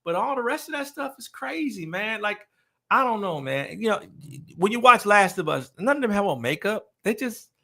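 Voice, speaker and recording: A man's voice: high-pitched, very animated, normal speed, sharp tone. A man hosting a casual podcast chat, ranting emphatically with a lot of swearing. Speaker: podcast host.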